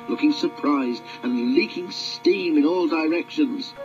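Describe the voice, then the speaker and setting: A man narrating a children's storybook in a measured, expressive way. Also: on the high side. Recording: dull lo-fi audiobook with music.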